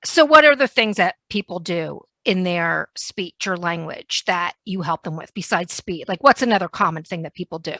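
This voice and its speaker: New York woman host, playful, bright voice, dry studio sound. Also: on the low side, lively intonation, dry recording. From New York / New Jersey area. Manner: fast-talking, chatty, playful. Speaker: podcast host. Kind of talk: casual podcast interview.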